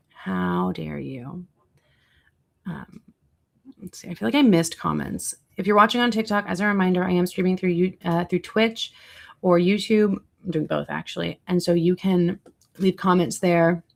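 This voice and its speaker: A young woman with a lower voice and vocal fry rambles casually on her livestream. As a content creator, she reads her chat and answers it as she goes.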